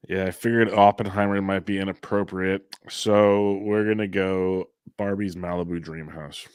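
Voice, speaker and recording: A man's voice: deep voice, fairly even intonation, moderate pace, a little mellow, clean tone, no room sound, studio quality. A man giving fantasy baseball betting picks, rattling off players and prices in a casual, tired way. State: exhausted.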